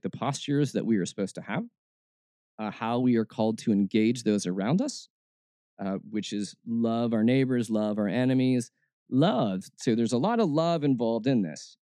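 A man's voice: medium pitch, mellow, dry recording, clean studio sound. A man hosting a faith podcast, talking in a casual, reflective way and often restarting his words. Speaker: podcast host.

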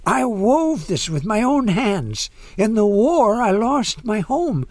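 A man voicing a frail elderly woman with an Austrian German accent and a weak, soft voice. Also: fairly high pitch, sing-song, slow pace, no room sound, clean studio sound, voice pushed up, full character voice. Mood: sorrowful. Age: older. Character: frail elderly immigrant woman, gentle and sad.

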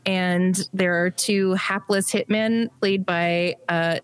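A woman co-hosting a casual comedy podcast, describing a film in a relaxed way, often pausing on ums. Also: fairly low pitch, clear, resonant tone. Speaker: podcast co-host. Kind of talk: casual chat.

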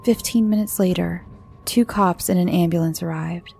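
A woman's voice: fairly low pitch, moderate pace, creaky, a little mellow, soft background music. A woman reading a child's written story aloud with dramatic expression.

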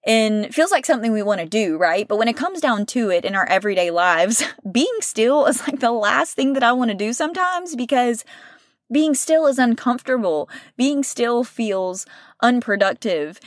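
A woman hosting a faith-based podcast, talking in an earnest, conversational way, often checking in with "right?" and sometimes slowing and softening as she gets emotional. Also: a little high, expressive, dry recording, studio quality. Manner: earnest, conversational, with frequent "right?" and "you know". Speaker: podcast host.

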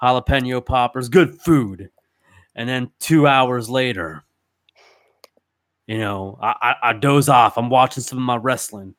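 A man telling a rambling comedy story in a gruff, ungrammatical, slangy way. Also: mid-range voice, measured pace, a bit bright, dry recording, studio quality.

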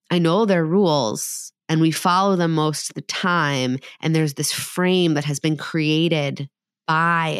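A woman's voice: low voice, dry recording, clean studio sound. A woman in her thirties hosting a podcast, talking casually and candidly with frequent laughs and filler words. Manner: chatty, candid, laughs often, many "like" fillers. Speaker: podcast host. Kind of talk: casual solo podcast talk.

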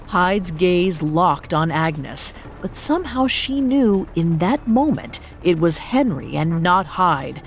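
A woman narrating a gothic story in a dramatic, expressive scripted style. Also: on the low side, slow pace, a little hiss or hum.

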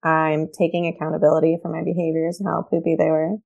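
Woman therapist on a podcast, low gravelly voice, emphatic, repeats her points. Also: monotone, fast, a little mellow, muffled recording. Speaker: guest, behavioral health therapist. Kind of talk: conversational podcast interview.

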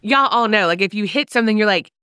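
A woman's voice: medium pitch, fast talker, smooth, no room sound, clean studio sound. A woman, congested with a cold, co-hosting a casual podcast chat and telling giggly stories. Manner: giggly, lively storytelling. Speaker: podcast co-host.

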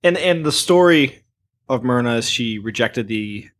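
A man's voice: medium pitch, lively intonation, measured pace. Male podcast co-host, mid-range voice, dry and profane sidekick energy. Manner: wry, profane quips. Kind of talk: casual chat recapping a horror episode.

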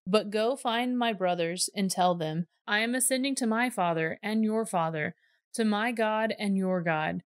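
A woman voicing a calm, gentle male teacher speaking to his followers, in a steady, earnest reading voice. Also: mid-range voice, measured pace, clear, resonant tone, no room sound, clean studio sound, natural voice.

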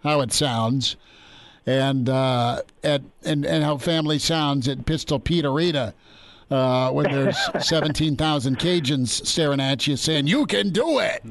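A man's voice: mid-range voice, fairly even intonation, a little slow. A male sports radio host talking casually with a guest, with frequent "uh" fillers and easy laughter. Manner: chatty, lots of "uh" fillers, laughs easily.

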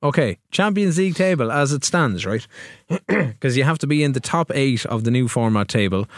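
A man co-hosting a relaxed podcast, chatting and calling out match events as he plays a football game. His pitch moves a lot between lines, sitting in the middle of his range. The sound is close and dry. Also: moderate pace, dry recording. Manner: commentates game events excitedly. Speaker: podcast co-host. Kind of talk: casual chat, playing a football management game.

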